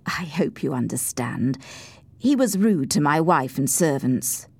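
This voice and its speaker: A woman voicing a polite, discreet gentleman neighbour in a storybook reading, softening to a hush for private matters. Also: sits low, very animated, measured pace, vocal fry, breathy edge, no room sound, pitched below the performer's own voice, heavily acted. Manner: polite, drops to a hushed whisper.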